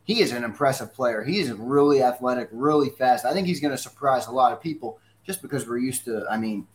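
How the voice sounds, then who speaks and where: Man, mid pitch, sports talk co-host, conversational, long questions. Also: a little fast. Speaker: fill-in sports radio co-host.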